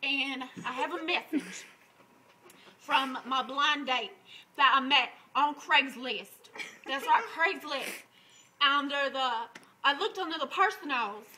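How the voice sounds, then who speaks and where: A man voicing a brash, crude young woman who laughs through her loud improvised comic story. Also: extremely high pitch, slight background noise, full character voice, low-quality recording.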